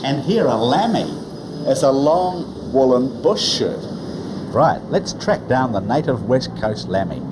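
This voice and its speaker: A man's voice: mid-range voice, big pitch swings, a little slow, noisy background. A man with a New Zealand accent presenting a documentary in a conversational way.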